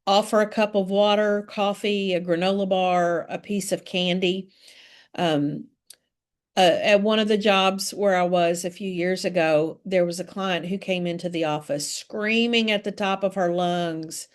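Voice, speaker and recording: A woman leading a webinar training session, telling stories calmly and gently, with frequent fillers. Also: fairly low pitch. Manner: gentle, calm storytelling with many fillers. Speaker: trainer on de-escalation.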